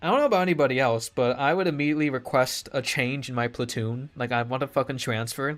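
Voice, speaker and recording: Guy ranting to his stream, mid pitch, sarcastic and swearing, laughs a lot. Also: fast talker, few pauses, fairly bright tone. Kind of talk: casual rant to stream chat.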